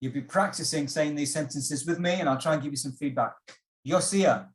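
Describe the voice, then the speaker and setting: A patient instructor leads an online test-prep workshop over a video call. The delivery is slow and measured, inviting and encouraging. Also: medium pitch.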